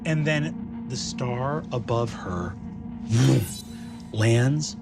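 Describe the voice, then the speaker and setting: Game master narrating with vivid bursts. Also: male voice, medium pitch, lively intonation, drawn-out words. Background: music.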